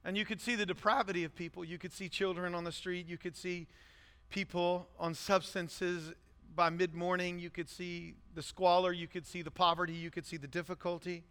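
A man preaching a sermon as a pastor, blunt and intense, building to shouts. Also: high-pitched, level tone, moderate pace, smooth. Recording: long hall reverb.

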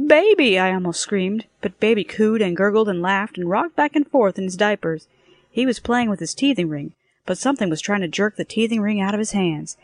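A woman reads a first-person story aloud in a lively, expressive voice of middling pitch, bringing her lines to life. She is close to the mic in a dry space with no echo. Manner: lively and expressive, acts out the dialogue. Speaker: narrator.

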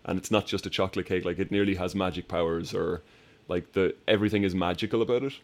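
Male co-host, lower-pitched voice, lively storyteller in a casual film chat. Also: fast. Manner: animated storyteller, acts out film scenes with laughter.

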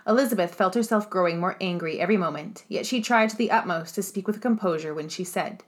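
A woman whose voice sits on the low side reads aloud from a classic novel for an audiobook. It's scripted narration, given in a measured yet expressive way.

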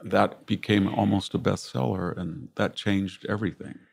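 A man's voice: low-pitched, fairly even intonation, moderate pace, gravelly, a little mellow, husky, no echo, clean studio sound. An older American man, a historian guest in an interview, telling reflective stories about his family and war. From United States. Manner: reflective, anecdotal, voices relatives in quotes. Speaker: guest, classicist and military historian. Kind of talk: conversational interview storytelling.

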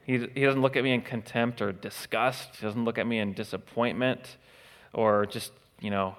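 Casual man preaching, mid-pitched voice, lots of uh's, sounds like a big church with a long echo. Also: fairly even intonation, normal speed. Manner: conversational, frequent uh fillers, acts out quoted attitudes. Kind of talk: expository sermon. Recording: long hall reverb.

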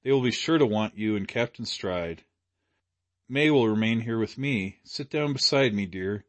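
A man's voice: on the low side, lively intonation, normal speed, dry recording, lightly acted. A man doing a kindly, firm old lady. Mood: motherly. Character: kindly, strong-minded elderly woman. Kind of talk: audiobook character reading.

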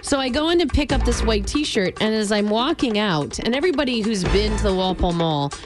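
A woman's voice: mid-range voice, animated, fairly quick, music in the background. A woman radio host telling a story in casual, chatty on-air banter from a studio. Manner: chatty, storytelling, laughs easily. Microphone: studio mic.

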